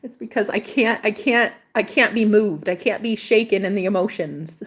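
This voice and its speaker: A woman's voice: mid-range voice, moderate pace, few pauses, slightly rough. A young woman talks straight to her livestream viewers in a casual, confessional way. She is blunt and swears freely, and her voice gets emotional as she speaks. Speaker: livestream host.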